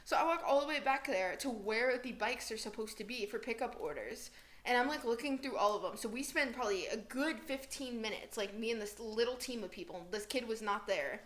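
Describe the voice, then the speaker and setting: A young woman with a fairly high voice tells work stories in a relaxed podcast chat. She laughs often and acts out what everyone said in lively voices. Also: a little fast. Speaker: podcast co-host. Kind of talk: casual storytelling chat.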